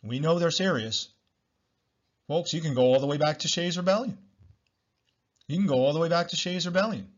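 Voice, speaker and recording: A man's voice: on the high side, brisk, long pauses, muffled recording. A man hosting a solo podcast, talking bluntly, repeating himself and swearing freely. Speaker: podcast host.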